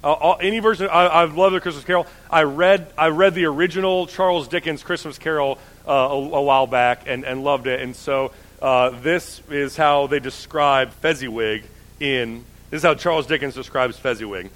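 A man's voice: a little high, steady tone, normal speed, a bit bright, big-room sound. A male pastor giving a casual, enthusiastic sermon, telling stories with many restarts and fillers.

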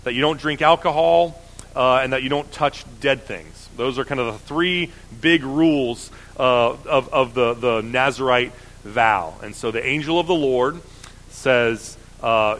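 A man preaching, reading scripture aloud and then explaining it in a casual, halting way with frequent fillers. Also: medium pitch, fairly bright tone, low-quality recording. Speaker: pastor.

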